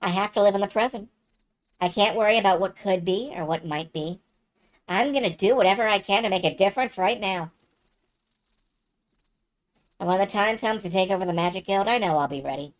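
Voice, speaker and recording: A woman voicing a quiet, earnest young woman heir to a magic guild, speaking softly in a game reading. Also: fairly quick, pauses often, close to an everyday voice, poor audio. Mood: resolved. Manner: soft, low and earnest.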